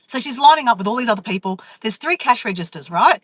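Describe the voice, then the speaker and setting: A woman vlogger, telling a story to her live chat in a chatty, animated way and acting out inner voices. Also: fairly high pitch, a little fast, no echo, low-quality recording.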